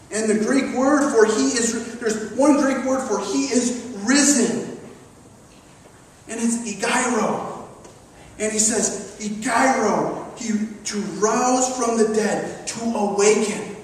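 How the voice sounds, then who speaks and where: A man's voice: very high-pitched, unhurried, slight background noise. A man preaching a sermon, emphatic, acting out the people in the story he tells. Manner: emphatic, acts out the disciples and Thomas. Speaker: pastor. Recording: echoey hall recorded from far off.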